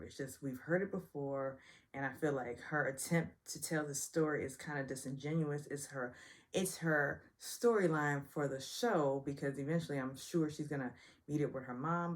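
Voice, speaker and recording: A woman hosting a casual reality TV recap, chatty and sassy, often joking about her own stumbles. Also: deep voice. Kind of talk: casual episode review.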